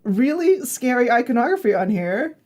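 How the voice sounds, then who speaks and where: A woman's voice: fairly high pitch, very animated, moderate pace. A woman playing a tabletop game, joking playfully with the table. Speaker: player. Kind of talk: casual chat at a game table. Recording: loud background noise.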